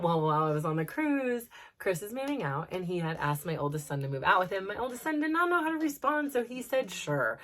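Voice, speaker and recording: A middle-aged woman hosting a personal podcast, talking in an earnest, rambling way with lots of fillers, emotional as she opens up. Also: mid-range voice. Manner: earnest, rambling, full of "like" and "you know". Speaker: podcast host.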